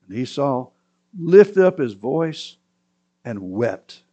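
A man's voice: mid-range voice, big pitch swings, slow pace, dark tone, husky, highs cut off. A man preaching a sermon, retelling a scripture story with dramatic swings and sudden raised cries.

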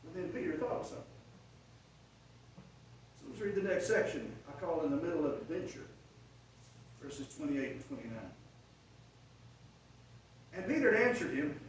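A man's voice: fairly high pitch, expressive, normal speed, pauses often. A man preaching a sermon, retelling a story with dramatic swells in volume. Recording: echoey room from far off, faint noise.

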